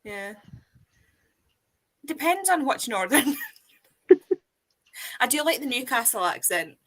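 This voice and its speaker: A woman chatting casually on a stream, animated and quick to giggle. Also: sits high, rough recording. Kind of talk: casual chat.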